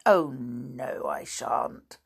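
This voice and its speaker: A woman voicing a suave, scheming middle-aged male smuggler who talks softly and smoothly. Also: low-pitched, animated, slow pace, exaggerated voice.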